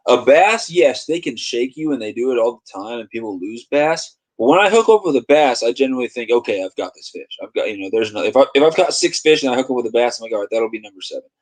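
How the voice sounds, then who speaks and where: A man's voice: medium pitch, no echo, low-quality recording. A man casually chatting over a video on his livestream, griping about his computer and laughing often. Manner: chatty, quick to gripe and laugh. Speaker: livestream host.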